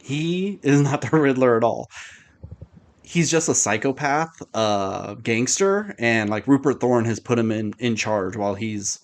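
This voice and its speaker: A man's voice: mid-range voice, lively intonation, measured pace. Rambling sarcastic male podcast host. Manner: rambling, sarcastic, lots of fillers. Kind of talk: casual chat review.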